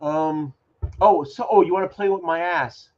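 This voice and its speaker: A man with a Boston accent in a casual chat, animated and insistent, often repeating himself. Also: fairly high pitch, moderate pace, lo-fi sound.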